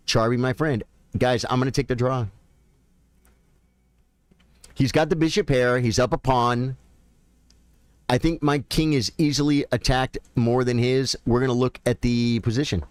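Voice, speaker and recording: A man's voice: medium pitch, fairly even intonation, moderate pace, pauses often, clear, resonant tone, dry recording. Chatty male chess streamer, dry sound. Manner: chatty, thinks aloud, addresses viewers directly. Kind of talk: casual live-stream commentary.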